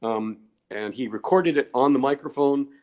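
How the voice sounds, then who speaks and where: Older male interview guest; digressive, chuckling storyteller at an average pitch. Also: moderate pace, a little mellow. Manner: rambling, digressive, chuckles often. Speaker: guest researcher.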